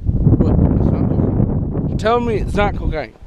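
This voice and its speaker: A man vlogging outdoors in the snow in a put-on Australian accent, loud, excited and swearing, often shouting. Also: high-pitched, moderate pace, dull audio. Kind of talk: joking outdoor vlog. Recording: wind and passing vehicle noise.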